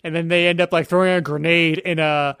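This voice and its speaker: A man's voice: fairly high pitch, little pitch movement, brisk, fairly bright tone, clear, resonant tone, no echo, clean studio sound. A young man, a podcast guest, casually retelling movie scenes and acting out bits of dialogue.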